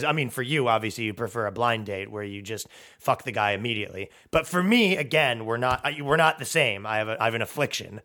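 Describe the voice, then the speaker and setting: A man's voice: mid-range voice, a bit bright. Sarcastic swearing man ranting. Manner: sarcastic, mocking, swearing, acts out quoted people. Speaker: podcast host. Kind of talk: profane comedic rant. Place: downtown New York apartment.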